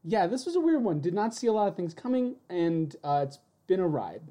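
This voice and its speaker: A woman co-hosting a casual podcast about animation, goofy and quick to laugh. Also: lowish voice, big pitch swings, dark tone. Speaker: podcast co-host.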